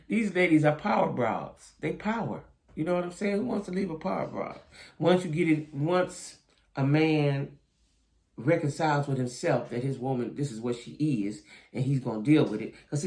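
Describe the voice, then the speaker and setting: A man's voice: fairly high pitch, vocal fry, a little mellow. A man giving casual, opinionated video commentary on a reality show, talking straight to his viewers and often checking in with them. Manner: chatty, opinionated, keeps asking "right?" and "you know what I'm saying?"; talks straight to viewers as "y'all".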